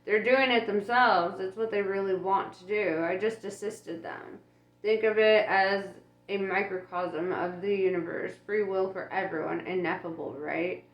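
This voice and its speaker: A woman's voice: mid-range voice, steady tone, a little slow, lightly acted. Sarcastic male demon for an audiobook, snappish and sly, read by a woman in a roomy, dull recording.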